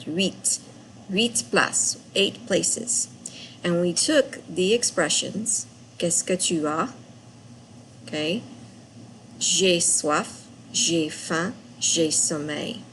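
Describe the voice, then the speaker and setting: Slow, patient woman teaching a class. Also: on the low side, a bit bright, slight background noise, rough recording. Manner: slow, patient, repeats phrases for students. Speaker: French teacher. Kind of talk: recap lesson for students.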